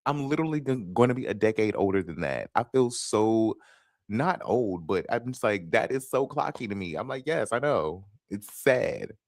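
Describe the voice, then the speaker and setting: A man in his thirties with a Southern North Carolina accent chats casually with his viewers. He swears freely and talks in a fairly low voice that swings up and down a lot. The sound is dry and close. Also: moderate pace, no echo. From Fayetteville, North Carolina. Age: 30s. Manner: animated, swearing, chatty with viewers. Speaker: host. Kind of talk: casual livestream chat.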